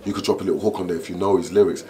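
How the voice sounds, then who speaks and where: A man, telling stories in a relaxed interview and checking in often with "you know what I'm saying". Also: deep voice, very fast, a crowd in the background. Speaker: interview guest, MC. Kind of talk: casual interview chat. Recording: background noise audible.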